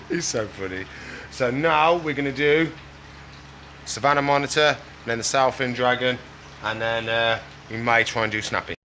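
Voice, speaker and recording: A young man talks his way through feeding reptiles in a loose, chatty vlog manner. He coaxes and scolds the animals playfully, with a bright, forceful tone. Faint noise sits behind him. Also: medium pitch, moderate pace. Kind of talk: casual vlog narration while working.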